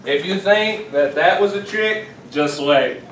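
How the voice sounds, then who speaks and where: Guy teacher messing with his chem class, high bright voice bouncing all over, roomy classroom picked up from across the room. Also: a little slow, slight background noise. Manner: teasing, animated, hypes students up. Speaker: chemistry teacher. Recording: echoey classroom from far off.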